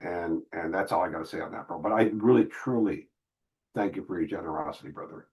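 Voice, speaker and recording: A middle-aged man with a fairly low voice, hosting a casual livestream Q&A. He reads out viewer messages and answers them plainly and candidly, peppering his talk with "bro" and "brother.". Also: fairly quick, lo-fi sound. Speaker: livestream host reading super chats.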